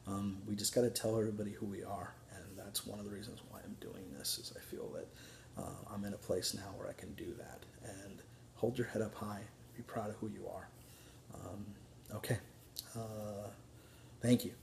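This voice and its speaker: A young man telling a personal story to camera in an earnest, candid way, halting often with restarts and fillers. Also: lowish voice, flat delivery, creaky, darkish tone, slight background noise. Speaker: vlogger telling his story.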